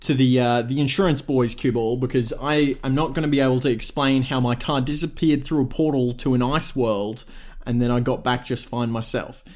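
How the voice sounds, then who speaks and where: A man's voice: mid-range voice, fairly even intonation, normal speed, darkish tone, close to an everyday voice. An irritated man complaining about his troubles, as a podcast host puts him on. He is exasperated and grumbling, in a near-everyday voice.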